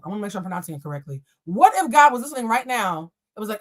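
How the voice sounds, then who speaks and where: Hosting a live tarot stream, this young woman answers questions from chat bluntly and playfully, with plenty of profanity, addressing viewers as "y'all." She races along with hardly any pauses in a slightly high, sing-song voice.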